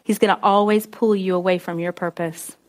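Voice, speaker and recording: A woman's voice: mid-range voice, fairly even intonation, a little fast. A woman preacher giving a conversational, emphatic sermon to students, with call-and-response.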